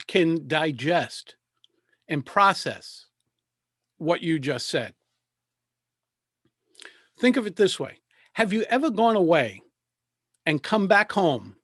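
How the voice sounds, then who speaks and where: Measured man coaching over a video call. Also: fairly high pitch, no echo, studio quality. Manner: measured, with deliberate pauses. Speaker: speaking coach. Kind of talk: presentation coaching talk.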